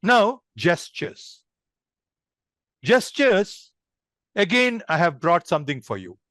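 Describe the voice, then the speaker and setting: A man's voice: high-pitched, big pitch swings, slow pace, a bit bright, no echo, clean studio sound. A man leading an online public speaking workshop, demonstrative and addressing the group as friends.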